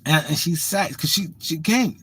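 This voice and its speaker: A man's voice: a little high, moderate pace, fairly bright tone, slightly rough. A man telling a rambling, profane story in casual chat, full of restarts and "you know what I'm saying.".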